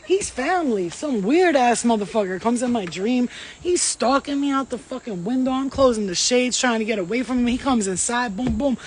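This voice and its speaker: A woman's voice: a little high, animated, moderate pace, slight background noise. A woman on a casual livestream, talking bluntly with lots of swearing and street slang as a spiritual reader.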